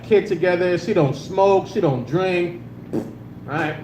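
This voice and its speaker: Man, stand-up comic, slightly high voice, casual crude delivery, roomy club, faint noise. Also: slow. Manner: casual, crude, laid-back, with frequent filler. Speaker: stand-up comedian. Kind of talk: stand-up comedy set. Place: club stage before a live audience.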